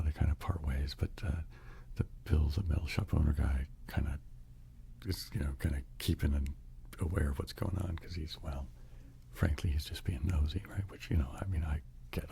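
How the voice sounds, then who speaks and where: A man's voice: a bass voice, vocal fry, dark tone, a little hiss or hum. A man telling a whispered ASMR bedtime story, rambling along with many fillers and restarts.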